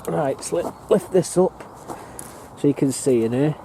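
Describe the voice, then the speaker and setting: A man's voice: on the high side, a little slow, creaky. A northern English man giving a rambling, plain-spoken walking tour of his allotment plot, talking to the camera he carries. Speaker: allotment gardener and vlogger. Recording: faint outdoor background noise.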